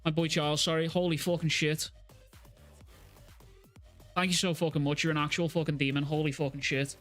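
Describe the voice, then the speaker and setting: Excitable swearing streamer, higher man. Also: fairly quick, faint music behind. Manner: excitable and heavily profane. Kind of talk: live stream reacting to chat.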